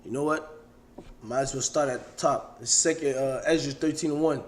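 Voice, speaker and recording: A man leading a casual scripture study, blunt and coarse, slowing down to read verses aloud. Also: mid-range voice, steady tone. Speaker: scripture teacher.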